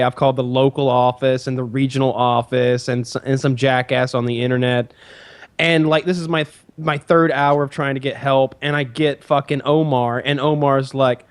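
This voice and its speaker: A man on a podcast, telling a frustrated story in casual chat and acting out the quotes. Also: clean tone. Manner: animated, acts out quotes with jumps in pitch. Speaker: podcast co-host.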